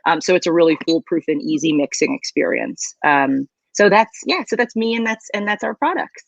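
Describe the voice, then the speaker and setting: A woman's voice: on the low side, lively intonation, a little fast, creaky, no room sound. A woman from the United States, a drinks brand founder, answering interview questions in an upbeat, fluent way over a video call. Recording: dull, slightly lo-fi remote audio.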